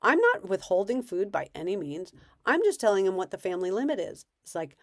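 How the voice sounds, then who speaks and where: A woman's voice: mid-range voice, big pitch swings, brisk, dry recording, clean studio sound. A woman parenting coach giving casual advice in a conversational way, acting out bits of parent and child dialogue.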